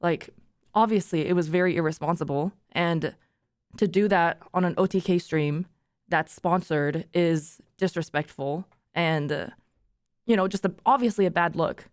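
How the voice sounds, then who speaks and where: A woman's voice: fairly low pitch, normal speed, no echo. Young woman streamer talking to chat, emotional and rambly, dry close mic. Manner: emotional, tearful and laughing, rambling with restarts. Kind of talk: casual chat to stream viewers. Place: treated room with acoustic panels.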